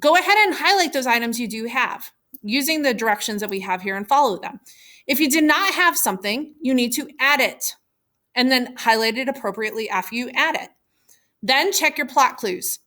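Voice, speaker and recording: A woman teacher giving a recorded lesson, explaining clearly and patiently. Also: on the high side, lively intonation, moderate pace, sharp tone.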